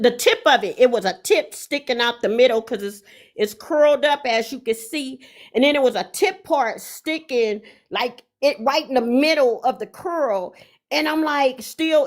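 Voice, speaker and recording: A middle-aged woman telling a story in an animated, profane way, full of emphatic repetition. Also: high-pitched.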